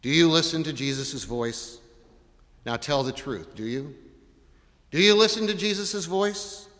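Man, pastor, sermon, bright voice, long hall echo. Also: fairly high pitch, animated, measured pace. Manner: asks the congregation repeated questions. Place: church.

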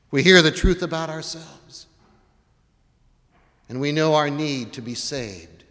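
Man, pastor, sermon, bright voice, long hall echo. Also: mid-range voice. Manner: asks the congregation repeated questions. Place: church.

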